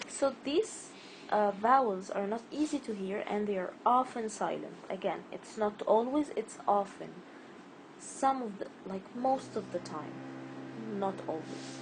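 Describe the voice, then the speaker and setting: A woman gives a spelling and pronunciation lesson at an unhurried pace, repeating each word and drawing out its stressed syllable. Her voice sits in a middle range. A clear noisy hiss runs behind her. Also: mid-range voice. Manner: patient, repeats words slowly, stretches stressed syllables. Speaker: teacher.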